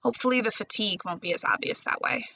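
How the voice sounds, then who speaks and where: Gravelly-voiced woman reading a novel. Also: mid-range voice, fast talker, a little hiss or hum, low-quality recording. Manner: steady first-person storytelling. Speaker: librarian. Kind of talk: audiobook-style novel reading.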